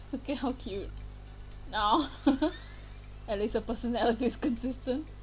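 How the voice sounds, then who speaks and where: Giggly woman streamer chatting over a game, high lively voice, soft music behind. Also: measured pace. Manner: giggly, laughs often. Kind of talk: casual live-stream commentary.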